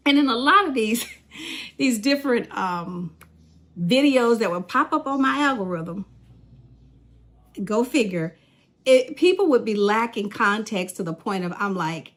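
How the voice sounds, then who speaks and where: A woman's voice: medium pitch, a bit bright. Woman, fifties, speech-language pathologist, casual vlog, chatty, laughs often, mid-range voice. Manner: chatty, laughs often, addresses viewers directly. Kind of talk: casual talk to camera. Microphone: phone or device camera.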